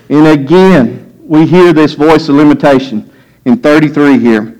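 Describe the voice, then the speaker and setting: Man, pastor, sermon, emphatic, slightly high voice. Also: unhurried, darkish tone, low-quality recording. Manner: acts out scripture voices, rising emphatic preaching.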